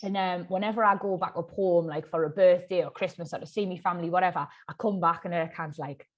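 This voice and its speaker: A woman's voice: on the low side, steady tone, fast, lo-fi sound. A woman in her thirties with a Geordie accent, hosting a podcast in bubbly, chatty conversation full of slang and laughter. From Northeast England. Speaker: podcast host. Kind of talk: casual interview chat.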